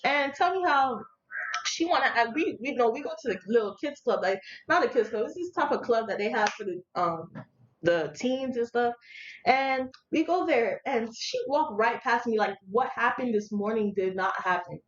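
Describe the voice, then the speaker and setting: Young woman, casual storytime vlog, animated slangy delivery, fairly high pitch, echoey room, muffled lo-fi audio, faint hiss. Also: normal speed. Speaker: vlogger.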